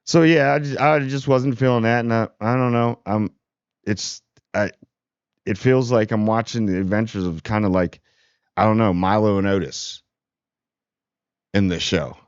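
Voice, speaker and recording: A man's voice: on the low side, fairly even intonation, moderate pace, long pauses, clean tone, dry recording, muffled recording. A man hosting a casual TV spoiler review, rambling and sarcastic. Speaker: TV review channel host.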